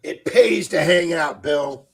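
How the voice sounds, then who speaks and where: A man's voice: on the high side, slow pace, vocal fry, a bit bright, husky. A man co-hosting a casual live stream, chatting, telling stories and reading viewer comments aloud.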